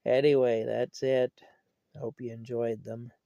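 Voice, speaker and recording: A man's voice: medium pitch, flat delivery, unhurried, gravelly, dark tone, no room sound, lo-fi sound. An older man telling family stories in a rambling, folksy, chuckling way while feeling unwell. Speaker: vlogger. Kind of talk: casual storytelling.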